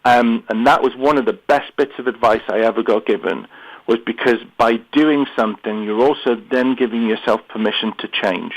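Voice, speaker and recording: A British man speaks as a guest calling in to a radio talk show. He is earnest and often restarts his words partway through, and his voice sits at a middle pitch for a man. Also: rough recording. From United Kingdom. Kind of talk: interview on mindset. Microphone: phone or remote line.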